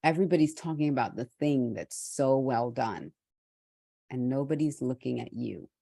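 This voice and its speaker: A middle-aged woman from Trinidad hosting a motivational talk, speaking candidly and reflectively with restarts and soft laughs. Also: very deep voice, normal speed, vocal fry, no echo, studio quality. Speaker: host.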